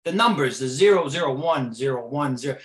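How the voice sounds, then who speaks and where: A man's voice: mid-range voice, lively intonation, brisk, voice pushed down, lightly acted. A man playing a brash, rambling tough-guy co-host with a mobster swagger. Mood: boastful. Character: brash rambling male mob-style co-host. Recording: roomy echo.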